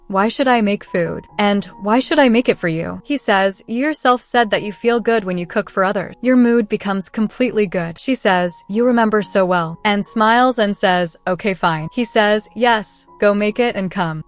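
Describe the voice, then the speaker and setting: A woman retelling a drama plot in a steady, plain narrating voice at a middle pitch. She reads the characters' quoted lines lightly rather than acting them out. Faint music plays underneath. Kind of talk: scripted narration.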